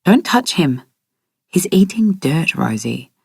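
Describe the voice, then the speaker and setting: A woman's voice: deep voice, very animated, slow pace, creaky, breathy edge, no room sound, clean studio sound, exaggerated voice. A woman voicing a defensive, grieving young woman who snaps out clipped retorts. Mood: hostile.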